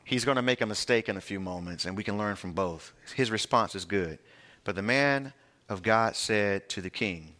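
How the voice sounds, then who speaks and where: A man with a somewhat low voice preaches a verse-by-verse Bible study. He talks to the congregation in a conversational, emphatic way, in plain everyday words. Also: moderate pace, fairly bright tone. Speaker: pastor. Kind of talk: verse-by-verse Bible teaching sermon.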